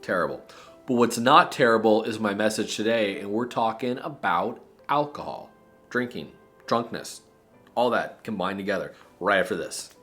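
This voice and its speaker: Animated man hosting a faith talk. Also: on the low side, normal speed, soft background music. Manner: animated, joking, self-mocking. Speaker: host. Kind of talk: casual faith talk to camera.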